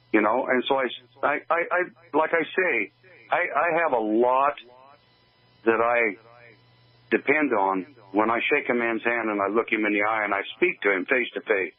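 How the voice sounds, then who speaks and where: An older man gives his testimony over a tinny phone line. He talks earnestly and haltingly, restarting his sentences as he goes, at an ordinary middle pitch. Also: no room sound. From Oregon, USA. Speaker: guest. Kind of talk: personal testimony in an interview.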